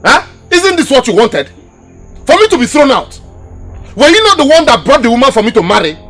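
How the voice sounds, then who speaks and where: An actor playing a defiant grown son threatened with eviction, with a Nigerian accent. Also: male voice, extremely high pitch, very animated, a little fast, fairly bright tone, soft background music, heavily acted. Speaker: disowned son.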